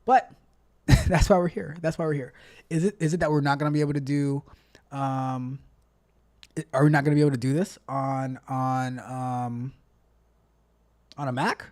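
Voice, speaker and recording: Speaking at normal speed with a medium pitch, fairly even intonation and a slightly mellow tone, a man hosts a casual tech livestream with long pauses. He's a tech coach who chats with viewers playfully and motivationally, repeating himself a lot.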